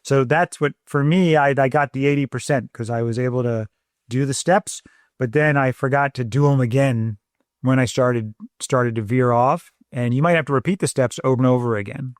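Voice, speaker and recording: Calm, measured man explaining parenting. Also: mid-range voice, no room sound, clean studio sound. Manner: measured, gentle, repeats words while thinking. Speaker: podcast co-host, parenting doctor.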